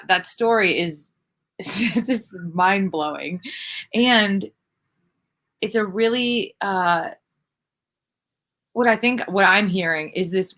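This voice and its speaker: A woman's voice: lowish voice, a bit bright. A woman hosting a podcast interview, thinking aloud as she sums up what her guest has said. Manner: reflective, thinks aloud while summing up the guest's point. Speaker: podcast host. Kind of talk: conversational interview.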